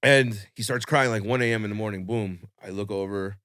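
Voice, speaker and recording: A young man telling a long personal story on a podcast in a casual, animated way, full of swearing and fillers. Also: fairly low pitch, fairly quick, no room sound, clean studio sound. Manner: animated, swearing, lots of fillers, acts out quotes.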